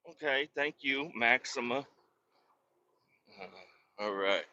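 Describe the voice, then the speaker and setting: A man rambling and cursing in a casual monologue while driving his truck down the highway, with sudden loud outbursts. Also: a little slow, pauses often, lo-fi sound. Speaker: podcast host.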